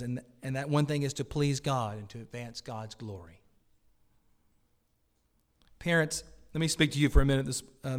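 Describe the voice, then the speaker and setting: A male pastor preaching a sermon at a church service, swinging between loud, emphatic declarations and quiet, earnest pleas. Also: medium pitch.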